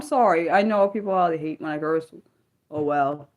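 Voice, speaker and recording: A woman's voice: deep voice, normal speed, a little mellow. Fired-up woman venting on a livestream. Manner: heated, swings between fired-up and muttered; swears freely, lots of restarts. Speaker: livestream host. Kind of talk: unscripted livestream chat.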